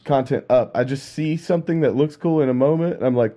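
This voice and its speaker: Musician guy on a podcast, mellow voice, kinda unsure, trails off a lot. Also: medium pitch, a little fast. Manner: hesitant, trails off, self-doubting. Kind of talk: casual chat.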